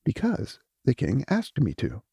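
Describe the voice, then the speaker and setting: A man voicing Bolmek, a calm older brother who is a vast cosmic being, in an audiobook; matter-of-fact and unruffled. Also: mid-range voice, a little slow, gravelly, slightly rough, no echo, studio quality, full character voice. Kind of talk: audiobook character voice.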